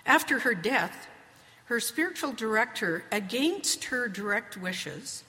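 A woman preaching a sermon, speaking slowly and measuredly and reading scripture with emphasis. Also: on the high side, expressive, bright, forceful tone. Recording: long hall reverb.

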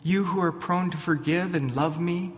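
A man preaching a sermon who voices Cain as a resentful, sulking young man, a little higher than his usual voice. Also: moderate pace, in a large hall, close to an everyday voice. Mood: pleading.

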